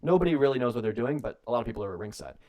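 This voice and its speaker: A young man co-hosts a wrestling podcast on a radio show and tells a long comic story. He rambles and jokes, stacking fillers and restarts as he goes. His voice sits at an ordinary middle pitch for a man. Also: lively intonation, lo-fi sound. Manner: rambling, jokey, acts out bits in quick put-on voices. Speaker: podcast co-host.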